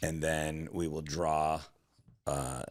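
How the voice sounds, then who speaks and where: A man's voice: a bass voice, flat delivery, slow, slight background noise. A man co-hosting a comedy podcast, chatting casually in a rambling, profane way that often trails off. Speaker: podcast co-host.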